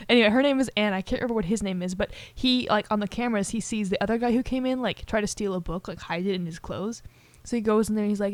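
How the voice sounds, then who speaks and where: A woman's voice: mid-range voice, lively intonation, fast talker, no echo. A young woman co-hosting a casual podcast, retelling a film scene by scene and acting out the characters' lines with many fillers. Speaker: podcast co-host. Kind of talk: casual chat, retelling a movie.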